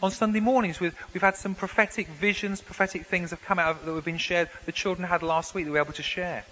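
Male pastor, high bright voice, chatty sermon delivery full of restarts, long church reverb with faint hiss. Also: steady tone, fast talker. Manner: conversational preaching with frequent restarts and repeated words. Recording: long hall reverb, faint background noise.

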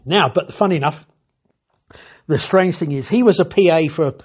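A man's voice: fairly high pitch, moderate pace, a little mellow, breathy edge, dull audio. An older man telling chatty, dryly humorous stories about his years as a TV technician. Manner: chatty, self-interrupting, dry humour. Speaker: retired TV technician. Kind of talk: anecdotal storytelling.

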